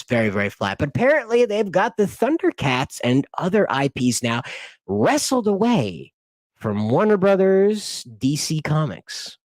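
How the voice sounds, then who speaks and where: Male host, casual profane rambling, lively pitch, dry close sound. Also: dry recording. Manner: rambling and profane with frequent laughs. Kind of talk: casual commentary stream.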